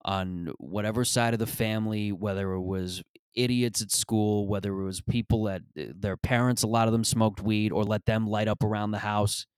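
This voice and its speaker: Comedian host, man, lowish voice, dry close recording, rambling profane monologue. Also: fairly even intonation, moderate pace, few pauses, clean tone, dry recording. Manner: rambling, profane, self-deprecating.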